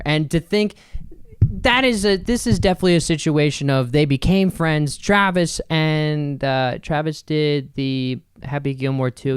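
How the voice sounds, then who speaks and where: A man's voice: a little high, smooth, no echo, studio quality. A man hosting a solo podcast, chatting casually and jokingly with lots of asides. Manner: rambling, joking, full of fillers and asides. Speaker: podcast host.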